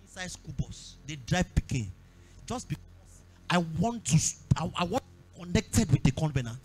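A man with a Nigerian accent preaching a sermon at a church service, repeating phrases and breaking into shouts. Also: fairly high pitch, sing-song, normal speed. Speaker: pastor.

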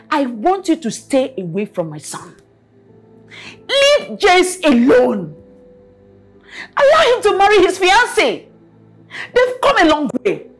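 A high-voiced, stern Nigerian mother who scolds in slow, drawn-out lines. Her pitch climbs and falls widely. Soft film music sits under the voice. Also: breathy edge, heavily acted. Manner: scolding, repeats herself, long dragged words. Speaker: angry mother of the house. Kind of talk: Nollywood film acting.

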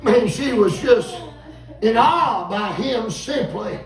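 Man in his fifties, revival preacher, high voice, echoey church from a distance. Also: takes it slowly, a little hiss or hum. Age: 50s. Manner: folksy, animated, calls out to congregation. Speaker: visiting preacher. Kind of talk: revival sermon storytelling. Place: church sanctuary.

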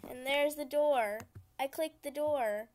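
A woman's voice: high voice, slow pace, a little mellow. A young woman casually commenting as she plays a computer game, chatty and easily frustrated, often laughing. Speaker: gaming channel host.

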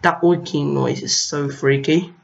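A man's voice: a little high, fairly even intonation, a little slow, vocal fry. A young man casually commenting on his own gameplay, chatting to enemies on screen with mild exasperation. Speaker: gaming video host. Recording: lo-fi home mic.

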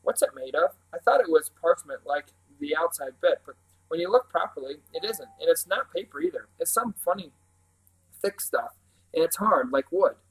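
A man reads the part of an eager young boy in a storybook. He talks in an excited, breathless rush. His voice sits a little high. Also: normal speed, husky, poor audio. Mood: curious. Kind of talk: reading a novel aloud.

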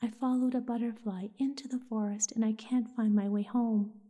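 A woman's voice: a little high, steady tone, moderate pace, natural voice. A woman whispering as a lost, frightened girl. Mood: forlorn. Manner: soft, pleading whisper. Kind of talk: whispered role-play.

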